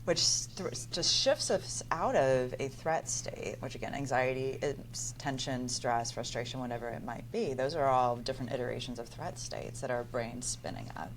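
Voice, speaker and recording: A woman with a deep alto voice, a psychologist guest talking animatedly in an interview and acting out playful inner dialogue. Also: normal speed, few pauses, a little hiss or hum. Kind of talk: conversational interview.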